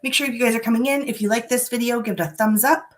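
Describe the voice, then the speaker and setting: A woman's voice: a little high, steady tone, fast. Chatty woman doing a makeup vlog. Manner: chatty, frank, a bit dramatic. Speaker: beauty vlogger. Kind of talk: casual live makeup chat. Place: home room.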